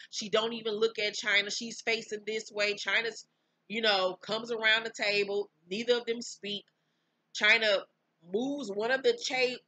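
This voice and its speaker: A woman host recapping events in a blunt, candid way, cursing freely as she talks. Her voice is bright and forward, with a dry close sound and no room around it. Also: mid-range voice, no echo, low-quality recording. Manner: blunt, candid, profane storytelling. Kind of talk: casual recap of a reality show.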